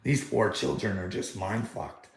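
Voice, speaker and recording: In an echoey room, a vlogger with a deep voice and vocal fry unleashes an angry, heated rant, swearing nonstop as he recounts a confrontation. He speaks unhurriedly, with lively intonation.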